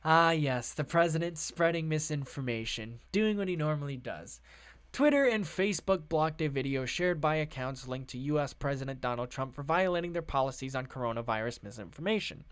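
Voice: mid-range voice, expressive, a little fast. A political commentator reading news items aloud and ranting about them in a sarcastic, profane way.

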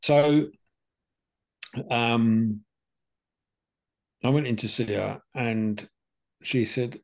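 Very slowly, with long pauses, an older man tells his cancer story in a creaky, darkish, medium-pitched voice. He's a podcast co-host speaking casually, chatty and plain-spoken, and he acts out both sides of the conversations.

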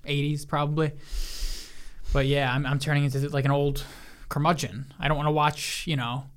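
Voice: mid-range voice, flat delivery, moderate pace. A podcast co-host in casual chat, blunt and opinionated, swearing casually.

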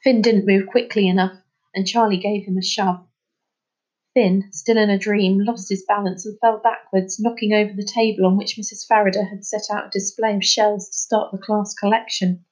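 A woman reading a children's novel aloud in a steady, expressive narrating voice. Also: medium pitch, normal speed, poor audio. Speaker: storybook reader.

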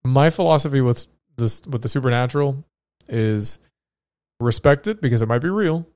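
A man's voice: mid-range voice, animated, moderate pace, darkish tone, no room sound, clean studio sound. A man who is sick, hosting a casual podcast and reading out research in a joking, rambling way that often breaks off mid-thought. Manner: joking, rambling, self-interrupting. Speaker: podcast host.

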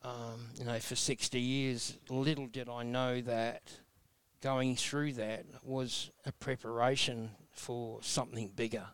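A man's voice: mid-range voice, level tone, slow pace, hardly any pauses, clear, resonant tone, no room sound. A man in his sixties with an Australian accent, telling his life story as an interview guest in a blunt, earnest, folksy way. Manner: blunt, earnest, folksy with mild self-mocking humor.

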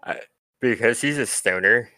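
A man's voice: mid-range voice, moderate pace, pushed and bright, no room sound. A man running a tabletop game over an online voice call, laid-back with laughing asides. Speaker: game master.

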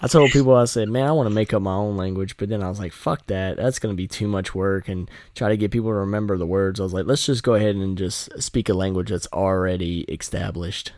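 A man's voice: low voice, quick pace, hardly any pauses, darkish tone, dry recording. A man hosting a podcast, rambling and swearing in casual chat. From North Carolina. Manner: rambling, profane, joking. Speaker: podcast host.

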